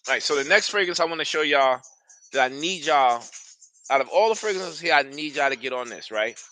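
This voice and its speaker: A man's voice: a little high, expressive, a little fast, pushed and bright, slight background noise. A man hosting a casual live stream, talking loosely and enthusiastically straight to his viewers. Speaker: fragrance reviewer streaming live.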